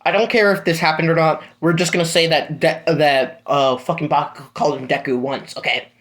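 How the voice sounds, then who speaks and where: A man's voice: fairly high pitch, fairly even intonation, brisk, a bit bright. A young man casually improvising a fan-fiction story, rambling with lots of fillers and swearing.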